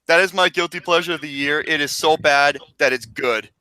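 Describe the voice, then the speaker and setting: A man chatting casually about movies on a podcast, excitable and swearing as he laughs at bad films. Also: a little high, fairly quick.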